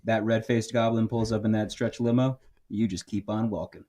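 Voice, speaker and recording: A man with a fairly low voice talks through football matchups in a casual, rambling way. He wisecracks and corrects himself as he goes, in loose podcast chat. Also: steady tone, normal speed, warm tone. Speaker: podcast co-host.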